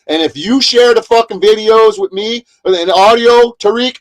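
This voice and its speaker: A man's voice: sits high, normal speed. A man ranting heatedly on a livestream, profane and repetitive. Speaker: streamer. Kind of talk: angry livestream rant.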